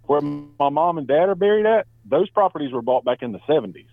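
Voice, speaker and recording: An older man speaking firmly and insistently over a tinny phone line. His voice sits somewhat high. The sound is narrow and dry. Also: expressive, fairly quick, no room sound. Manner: firm, insistent, businesslike. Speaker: prank call target.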